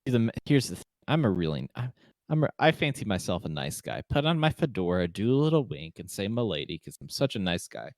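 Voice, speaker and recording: A man's voice: lowish voice, big pitch swings, fairly quick, a little mellow, dry recording. A man co-hosting a gaming podcast, chatting casually and joking, with rambling sentences full of fillers. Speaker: podcast co-host. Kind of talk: casual chat.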